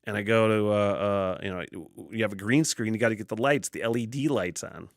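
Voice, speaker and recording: A man's voice: on the low side, brisk, no room sound. A man hosting his own podcast, telling rambling stories full of swearing and chuckling at himself from a basement studio. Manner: profane, animated storytelling with self-laughs. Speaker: podcast host. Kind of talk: casual solo podcast rambling.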